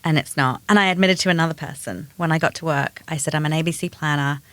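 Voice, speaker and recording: A woman co-hosting a podcast, telling a personal story in quick, animated bursts. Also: deep voice, no echo. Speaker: podcast co-host. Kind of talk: casual chat.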